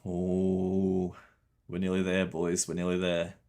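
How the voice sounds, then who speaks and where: Low-voiced man chatting on stream. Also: monotone, takes it slowly, warm tone. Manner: chatty, swears, laughs often, talks to chat. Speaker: game streamer. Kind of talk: casual livestream commentary.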